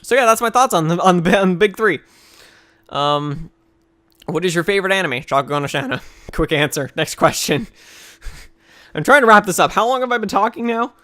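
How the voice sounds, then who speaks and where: A man answering viewer questions in a casual video, ranting in an animated, exasperated way with plenty of swearing. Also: high-pitched, normal speed, long pauses. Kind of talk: casual rant to camera.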